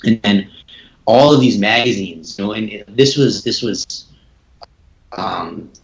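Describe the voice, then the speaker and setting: A man's voice: lowish voice, takes it slowly, gravelly. A young man from Canada, a podcast guest, talking in a casual, chatty way with many fillers and repeated words. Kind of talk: casual interview talk. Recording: echoey room, dull lo-fi sound.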